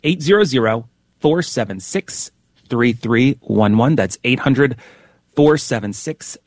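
A male radio host runs a pledge drive, speaking in a brisk, practiced promotional tone. His voice has an ordinary middle pitch. The sound is dry, with no room echo. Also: lively intonation, a little mellow. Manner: brisk, repeats phone numbers. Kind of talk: radio fundraising appeal.

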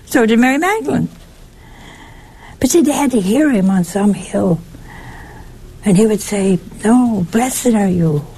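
Gravelly-voiced woman preaching a sermon. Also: mid-range voice, measured pace, pauses often, a little hiss or hum. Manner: lively, teasing rhetorical questions.

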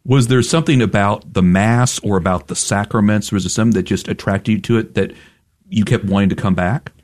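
A man hosting a radio interview in a studio, asking friendly, measured questions. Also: fairly low pitch, darkish tone. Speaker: radio host.

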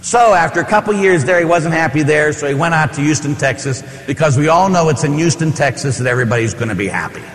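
Storytelling priest in an echoey church. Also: male voice, fairly high pitch, expressive, fast, few pauses, a bit bright. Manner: storytelling with rhetorical questions. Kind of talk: sermon.

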